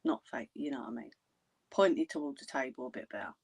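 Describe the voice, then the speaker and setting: A woman's voice: very deep voice, sing-song, brisk, vocal fry, breathy edge. A woman chatting casually with viewers on a craft livestream. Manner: chatty, talks to viewers in the chat.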